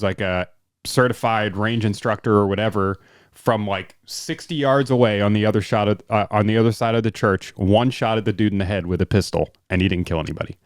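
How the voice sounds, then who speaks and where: A man's voice: fairly low pitch, clean tone, dry recording, studio quality. A man co-hosting a podcast, in casual political chat with chuckling asides. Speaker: podcast co-host.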